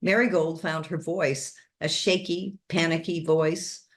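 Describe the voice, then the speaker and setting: A woman reading a chapter of a novel aloud, with steady, expressive storytelling. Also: sits low, a little slow. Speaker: reader.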